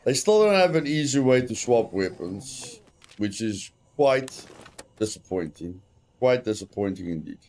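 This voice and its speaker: A man's voice: fairly low pitch, big pitch swings, measured pace, darkish tone. A British man giving live gameplay commentary, repeating his phrases to himself and chatting with viewers. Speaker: game streamer.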